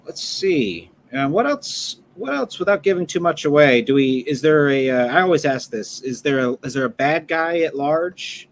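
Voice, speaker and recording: A man hosts a podcast in a loose, relaxed way, dropping casual swears. He reads viewer comments aloud. A faint noise sits behind his voice. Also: fairly high pitch, moderate pace, few pauses. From Florida. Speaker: host.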